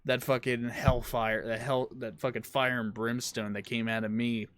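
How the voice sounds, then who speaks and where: A man's voice: medium pitch, level tone, normal speed, fairly bright tone. Young male podcast host, loose storyteller, swears a lot. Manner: swears freely, rambling storytelling with laughs. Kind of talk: casual chat.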